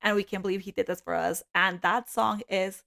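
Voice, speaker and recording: A woman in her thirties from Colombia, co-hosting a podcast in casual, animated chat, laughing often and swearing casually. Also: mid-range voice, brisk, vocal fry. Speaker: podcast co-host.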